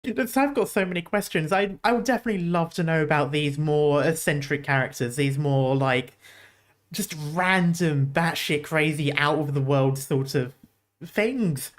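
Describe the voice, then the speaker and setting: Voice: medium pitch, normal speed. A streamer reacting to game trailers in casual commentary, rambling and laughing often.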